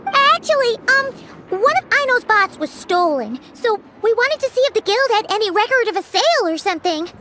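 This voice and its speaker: A very high, cheeky shop owner. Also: female voice, brisk, noisy background. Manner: lively, blunt, cheeky. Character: spirited young woman craft-shop owner. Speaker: game character. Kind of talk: video game voice acting. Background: music.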